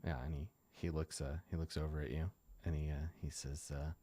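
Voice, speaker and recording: A man narrating as game master of a tabletop game, halting and full of fillers, often laughing. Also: extremely low pitch, level tone, dark tone, no echo, clean studio sound.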